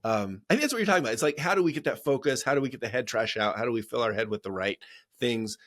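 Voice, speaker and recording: Middle-aged man, podcast host, easygoing, casual interviewer, mid-pitched voice. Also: lively intonation, racing, a bit bright. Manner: easygoing, asks questions and adds brief agreement.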